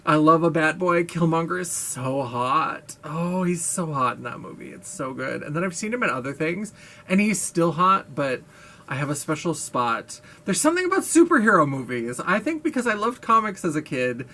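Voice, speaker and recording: A man's voice: on the high side, very animated, normal speed, bright, forceful tone. A man vlogging in a casual monologue, gushing, playful and self-mocking, with a brash, blaring voice.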